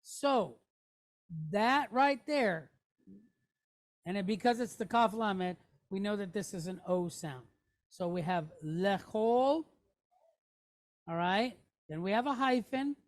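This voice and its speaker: A woman's voice: medium pitch, slow, pauses often. A woman teaching a Hebrew reading lesson, sounding out each syllable patiently and checking in with her listeners.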